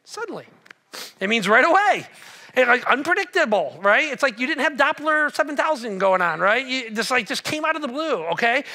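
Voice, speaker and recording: A man preaching a sermon as pastor, telling a story with lively acted-out voices and questions to the congregation. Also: very high-pitched. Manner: animated storytelling, acts out voices, asks the room questions.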